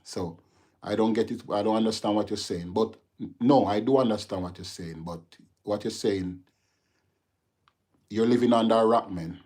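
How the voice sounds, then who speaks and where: A man from Jamaica runs an easygoing livestream, reading out viewer comments and replying to them head-on. He has a lowish, slightly mellow voice at a moderate pace, and his replies become heated lectures.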